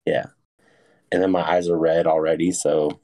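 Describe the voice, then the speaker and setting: A man's voice: rumbling low, little pitch movement, moderate pace, dark tone. A young man co-hosting a podcast, laid-back and laughing a lot as he chats. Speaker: podcast co-host. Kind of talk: casual chat.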